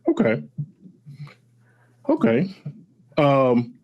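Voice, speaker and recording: A man's voice: mid-range voice, huge pitch swings, drawn-out words, dull audio. A man hosting an interview show, chatty and easygoing, who laughs often and talks straight to his audience.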